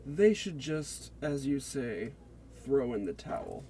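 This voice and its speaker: This man has a medium-pitched, dark voice and sounds very animated while speaking at a slow pace. He reads the lines of a cocky male fighter with electric powers in his own plain voice, attempting no accent. There is slight background noise.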